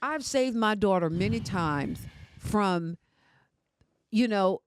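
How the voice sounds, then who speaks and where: An older woman, a podcast guest telling her family story with forceful emphasis. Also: mid-range voice, expressive, takes it slowly, slight background noise. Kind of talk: emotional casual conversation.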